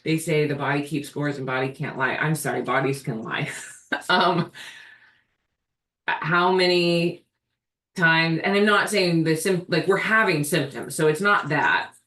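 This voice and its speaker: Deep-voiced, bright, and forceful, a healing ministry host speaks a little slowly during a live video Q&A, earnest and reasoning out loud. The video call audio is distant and echoey.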